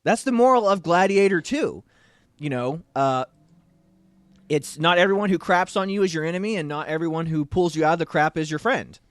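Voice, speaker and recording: Fairly high-voiced man rambling about a film. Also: animated, brisk, a bit bright, clear, resonant tone, no echo. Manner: rambling, many restarts and "you know". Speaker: podcast co-host. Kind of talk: casual movie review chat.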